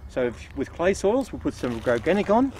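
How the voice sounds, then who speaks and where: Aussie nursery guy, mid pitch but really animated, calm explainer outside, faint traffic and ambience behind. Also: normal speed. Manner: patient, explaining, plays straight man. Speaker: nurseryman host. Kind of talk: casual gardening demonstration. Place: outdoors in a garden nursery.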